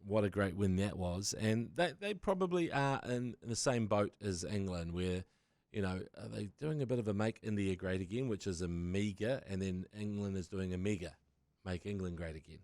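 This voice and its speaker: A man's voice: lowish voice, normal speed, darkish tone, no echo. A man with a New Zealand accent co-hosting a casual podcast, rambling with crude humor. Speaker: podcast co-host.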